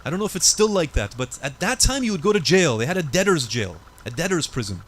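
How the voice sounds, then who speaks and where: Emphatic high-voiced male preacher. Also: big pitch swings, fast talker, a bit bright. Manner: dramatic, emphatic storytelling. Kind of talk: sermon storytelling. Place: mosque.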